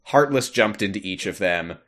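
A man with a fairly low voice co-hosts a casual podcast, walking through a video game's story. He laughs often and slips into silly character voices whenever he quotes someone. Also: expressive, moderate pace, a bit bright. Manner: laughs often, puts on cartoon voices when quoting. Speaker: podcast co-host. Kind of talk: casual game recap chat.

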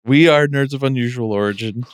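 A man's voice: medium pitch, fairly quick, smooth, no room sound, clean studio sound. A man hosting a podcast, chatting casually and teasing the others with jokes. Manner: joking, teasing. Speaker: podcast host.

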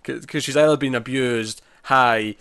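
A man's voice: mid-range voice, fairly even intonation, a little slow, a bit bright, smooth, no echo. A man, chatting casually as he recaps a TV episode, often acting out quotes. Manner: chatty, lots of fillers and acted-out quotes. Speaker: podcast co-host.

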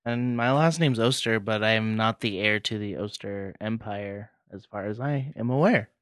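A man's voice: on the low side, moderate pace, a bit bright, no room sound, clean studio sound. A man co-hosting a casual podcast with friends, reading out the show plugs. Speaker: podcast co-host. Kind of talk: casual chat.

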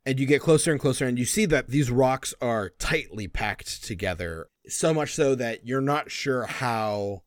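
A man narrating a science-fiction tabletop game as game master, describing scenes in a measured, descriptive way. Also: mid-range voice, expressive, no echo, studio quality. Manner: descriptive, measured, at times drawn out.

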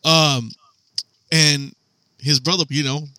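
Bright, profane man telling a story. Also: a little high, fairly even intonation, takes it slowly, no room sound. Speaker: podcast co-host. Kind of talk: casual storytelling chat.

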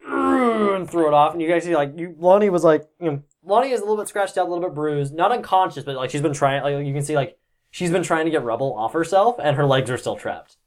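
A man's voice: on the high side, fast talker, a little mellow. A man running a tabletop game as game master, narrating loosely and swearing, with many filler words. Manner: casual, swears often, lots of filler words.

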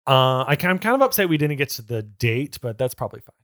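A man co-hosting a comedy podcast and reading a novel aloud, breaking in with sardonic asides. His pitch swings widely as he jokes, and the close microphone sounds dry. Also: big pitch swings, a bit bright, dry recording. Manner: sardonic, quick to laugh. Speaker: podcast co-host. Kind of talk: comedic book reading and banter.

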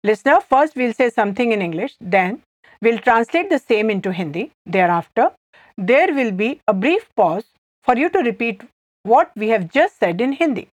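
A woman from India with an Indian accent, leading a scripted language lesson and repeating phrases slowly and clearly. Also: a little high, very animated, dry recording. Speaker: language teacher.

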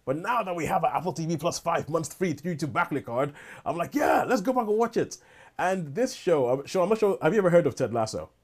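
A man's voice: on the high side, expressive, fast. A man in casual podcast chat, rambling on with lots of restarts and asides. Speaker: podcast co-host.

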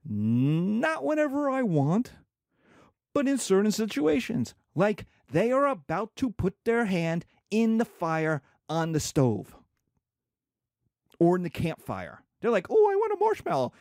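A man's voice: sits high, darkish tone, no room sound, clean studio sound. A man lecturing as a professor, asking and answering his own questions and acting out little scenes. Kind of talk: lecture to students.

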